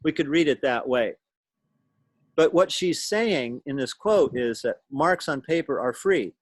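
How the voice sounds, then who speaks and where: A man's voice: fairly high pitch, animated, a little slow, no echo. A man teaching a class over a video call, explaining things patiently and thinking aloud as he goes. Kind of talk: lecture to a class.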